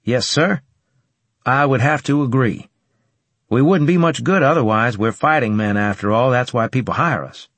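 A man voicing a brash young male soldier who talks in a cocky, loud and direct way, in a dry studio recording. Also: mid-range voice, normal speed, no room sound, voice pushed up. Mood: bold.

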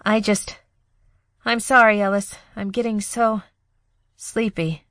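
A woman's voice: mid-range voice, normal speed, no room sound, studio quality, voice pushed up, lightly acted. A woman narrator voicing a young woman trapped in poison gas, talking in a breathless, pleading, sleepy way. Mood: despairing, drowsy.

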